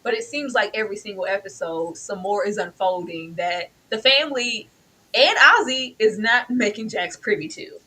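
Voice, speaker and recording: A woman co-hosting a casual TV recap chat, animated, laughing often and acting out quotes. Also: medium pitch, normal speed, slightly rough. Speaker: podcast co-host.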